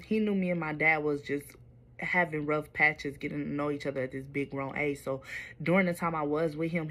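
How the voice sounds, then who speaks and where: Low-voiced woman confiding a personal story. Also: fairly bright tone. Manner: candid, confiding, wandering with fillers and asides. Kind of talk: storytime confession to viewers.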